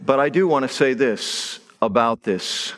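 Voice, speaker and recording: A middle-aged pastor preaches a sermon by telling stories conversationally and hitting key words hard. He has a medium-pitched voice, a measured pace, and a fairly bright tone.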